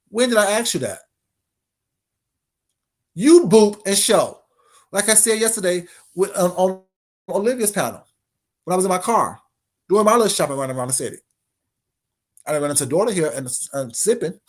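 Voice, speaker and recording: A man's voice: high-pitched, lively intonation, brisk, long pauses. A man giving a brash, confrontational casual monologue as an online commentator.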